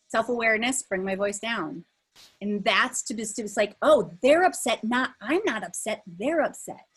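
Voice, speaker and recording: A woman's voice: medium pitch, a bit bright, low-quality recording. A middle-aged woman leading a live online workshop over a video call, talking in a conversational way with many fillers and restarts. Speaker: workshop facilitator.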